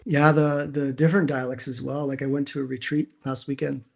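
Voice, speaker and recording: A man's voice: medium pitch, brisk, creaky. A man, co-hosting a casual chat from a dim room at home over a video call, telling stories with lots of restarts. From Canada. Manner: animated storyteller with many restarts. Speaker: co-host.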